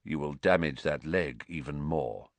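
A man voicing a gaunt, hoarse escaped male prisoner who speaks low, quiet and menacing. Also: a little slow, no echo, heavily acted. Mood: quiet menace.

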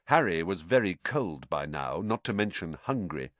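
Lively bright-voiced male storyteller. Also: sits low, normal speed, dry recording. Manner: expressive, animated storytelling. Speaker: audiobook narrator. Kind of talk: storybook narration.

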